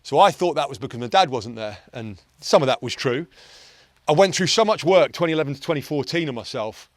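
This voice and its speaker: A man's voice: mid-range voice, lively intonation, brisk, no echo. A man in his forties, a performance coach, talking casually and bluntly, telling stories with the odd swear word. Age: 40s. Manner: intense, blunt, storytelling with swearing. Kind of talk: casual chat. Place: golf course outdoors.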